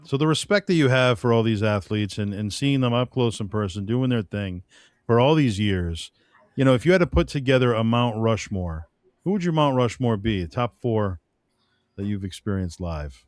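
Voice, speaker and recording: A man hosts a casual podcast interview, tossing in short reactions and relaxed questions. His voice sits somewhat low, and it is recorded dry and close with no room sound. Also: normal speed, dry recording. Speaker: podcast host.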